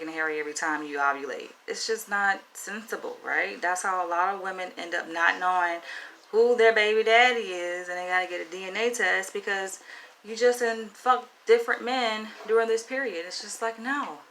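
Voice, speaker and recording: A woman's voice: medium pitch, fairly bright tone, a little hiss or hum, low-quality recording. A woman with a Southern US accent talking frankly to camera in a casual, chatty advice vlog. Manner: frank, chatty, asks "right?" often. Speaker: vlogger.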